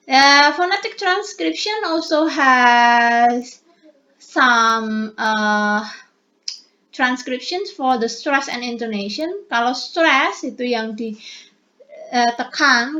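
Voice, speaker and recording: A woman lecturer with an Indonesian accent talks through her slides slowly and patiently, switching between English and Indonesian. Her voice sits a little high. The recording is dull and lo-fi. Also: sharp tone. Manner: mixes English and Indonesian, slow and explanatory. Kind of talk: online lecture.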